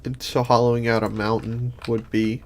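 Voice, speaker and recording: A man's voice: medium pitch, flat delivery, normal speed, slight background noise. A sleepy man streaming a game in casual commentary, rambling and thinking aloud with many restarts. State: sleepy, yawning.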